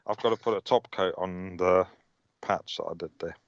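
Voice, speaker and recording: Smooth deadpan man. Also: sits low, normal speed, muffled recording. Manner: deadpan quips. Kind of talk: casual group chat.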